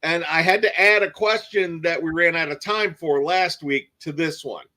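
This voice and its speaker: A man with a slightly high voice co-hosts a podcast and reads out quiz questions. He sounds easygoing and chuckles along with his partner. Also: moderate pace, pushed and bright. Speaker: podcast co-host, quizmaster. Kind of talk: casual podcast chat.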